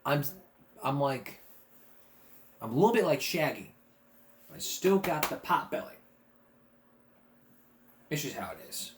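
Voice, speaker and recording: Crude, joking man with a high voice. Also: sing-song, measured pace, pauses often, a little hiss or hum. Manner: rambling, crude, laughs at his own jokes. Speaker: vlog host. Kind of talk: casual comic vlog chat. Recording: echoey room.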